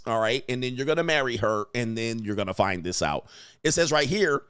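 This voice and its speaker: A man casually commenting on video clips in a mocking, animated way. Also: fairly quick, clear, resonant tone, no room sound, studio quality. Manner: mocking, animated, puts on high voices for quotes.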